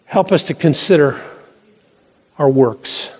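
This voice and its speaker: High-voiced fervent preacher man. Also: takes it slowly, a little mellow, husky. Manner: fervent, swelling to high exclamations. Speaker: pastor. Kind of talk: sermon. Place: church. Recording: long reverb from a church hall.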